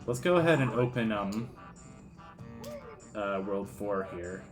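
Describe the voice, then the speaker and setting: A man's voice: fairly low pitch, lively intonation, slow pace, faint music behind. A man giving casual gameplay commentary as a let's player, rambling and joking, with silly voices thrown in.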